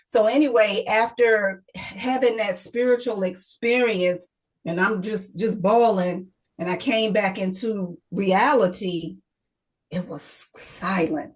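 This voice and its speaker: A woman's voice: medium pitch, measured pace, poor audio. Woman telling a painful personal story. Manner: emotional, repeating herself, quoting others. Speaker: guest, author.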